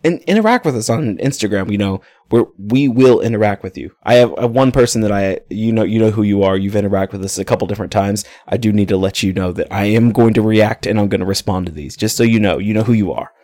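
A man's voice: fairly low pitch, quick pace, hardly any pauses, warm tone, no echo, studio quality. A man co-hosting a film podcast, speaking earnestly to thank listeners in casual chat. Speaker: podcast co-host.

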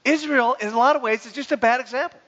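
A man's voice: very high voice, quick pace. A man preaching a sermon as pastor, joking and acting out the people's grumbling. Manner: lively, joking, acts out grumbling voices. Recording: dull sound in a reverberant hall.

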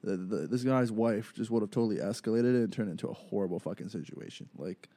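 A young podcast host rambles through a story in loose, profane chat. His voice sits low and gravelly with a dark, mellow tone. The sound is dry and close. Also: fast talker, dry recording.

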